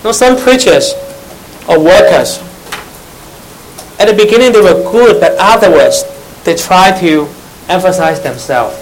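A man's voice: high voice, expressive, unhurried, pauses often, low-quality recording. A man with preaching a sermon to young church members, repeating phrases, questioning the audience and adding teasing asides.

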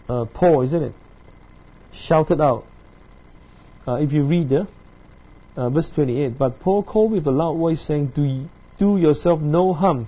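A man leads a Bible study, reading scripture aloud and then unpacking it, stopping often with fillers and asking "yeah?" and "right?" to check in with his listeners. His voice sits a little high, yet it sounds dark and slightly husky. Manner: halting, many fillers and tag questions. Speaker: Bible teacher.

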